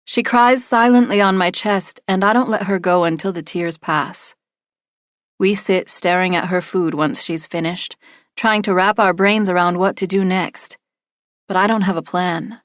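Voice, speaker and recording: A woman's voice: on the low side, fairly even intonation, unhurried, no echo, clean studio sound. A woman reading a first-person thriller audiobook in a tense, urgent style. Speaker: audiobook narrator.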